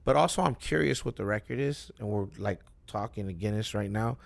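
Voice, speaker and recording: A man's low, gravelly voice, rambling through casual chat as a guest on a live stream. He swears freely, restarts his sentences, and sounds high and dry-mouthed. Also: a little fast. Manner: rambling, profane, loose and self-interrupting. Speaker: rapper guest.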